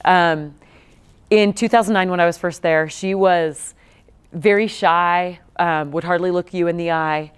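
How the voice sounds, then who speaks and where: In a lecture room, a woman in her thirties, a nonprofit co-founder invited as a guest speaker, tells students stories in a chatty way, full of fillers and restarts. Her voice is on the low side and smooth, with fairly even intonation and a slightly slow pace.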